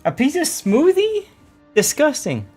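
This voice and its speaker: A man's voice: very high voice, wildly swooping pitch, measured pace, a little mellow, soft background music. A man hosting a casual gaming stream, joking, swearing and laughing as he plays. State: has the hiccups. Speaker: streamer and game host.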